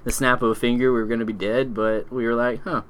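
A man's voice: mid-range voice, flat delivery, fast talker, clean tone. A man in casual chat who laughs a lot and reminisces with an old friend. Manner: giggly, reminiscing.

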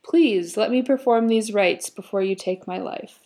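A woman voicing a scared but cunning old village man in a storybook retelling, with a gravelly voice. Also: medium pitch, moderate pace, a little mellow, natural voice. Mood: pleading. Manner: pleading, crafty storybook voice.

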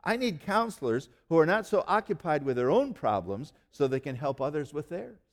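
Man preaching with dramatic quiet drops. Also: fairly high pitch, sing-song. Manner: earnest preaching, slows and drops to near-quiet for emphasis. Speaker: pastor. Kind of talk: sermon.

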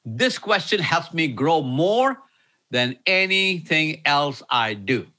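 Male pastor, emphatic, bright slightly high voice, repeats for emphasis. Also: very animated, takes it slowly. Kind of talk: sermon with live Q&A.

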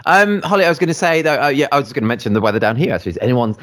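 A man's voice: medium pitch, big pitch swings, rapid-fire, a bit bright. A man hosting a podcast, chatting casually and enthusiastically with his guest. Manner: enthusiastic, effusive. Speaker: podcast host. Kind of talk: casual interview chat.

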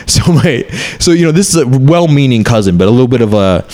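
A man's voice: mid-range voice, expressive, fairly quick, darkish tone. A man in his thirties, a comedian, talking candidly and rambling in a casual chat, swearing often.

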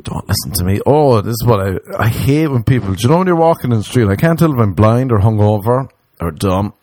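Lowish-voiced man ranting comically. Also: a little mellow, slight background noise. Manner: rambling, profane storytelling that slips into mock voices. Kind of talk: comedic monologue.

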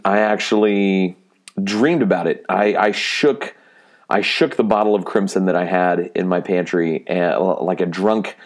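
A man hosting a casual podcast, upbeat and rambling in quick bursts. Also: low-pitched, a little mellow. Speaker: podcast host.

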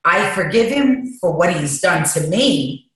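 A woman's voice: fairly low pitch, expressive, a little slow, fairly bright tone. A woman guest speaking candidly and emotionally in an interview, recorded at a recovery treatment center. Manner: emotional, confessional, emphatic. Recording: very echoey room.

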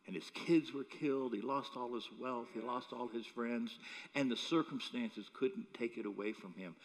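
In an echoey hall, a male pastor preaches in a mid-range voice at normal speed. His delivery is animated as he tells humorous stories, chuckling along the way.

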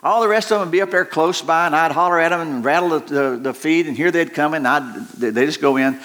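Male pastor, middle-aged, slightly high voice, folksy and rambling sermon delivery. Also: a little fast, fairly bright tone. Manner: folksy and joking, rambling with many restarts.

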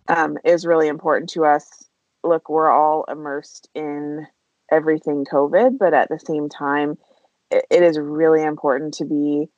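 On a veterinary podcast, a woman practice leader with a deep voice opens up about team morale during relaxed conversation. She speaks quickly, frankly, and with emotion, and the recording sounds dry and muffled.

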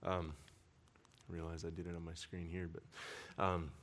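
A male pastor preaching a sermon with personal stories, telling them in an animated way and laughing often. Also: low voice, a little slow. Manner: animated storyteller who laughs often while talking.

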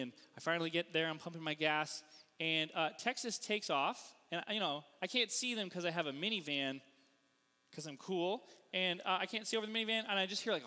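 Pastor from the Northeastern US, male, high and bright, swooping delivery, comic self-mocking storyteller, sanctuary reverb. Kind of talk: storytelling sermon.

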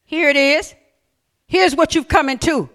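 High-voiced, bright-toned preaching man. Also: measured pace. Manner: preaching with rhetorical questions to the congregation; reads scripture aloud and comments on it. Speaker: pastor. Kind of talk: sermon.

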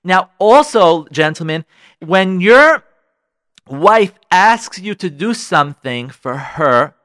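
A male radio host talks listeners through marriage advice in a preachy, animated way, stopping often to act out little scenes. His voice sits high, bright and lively. The sound is close and dry. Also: slow pace, no echo. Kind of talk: relationship advice talk.

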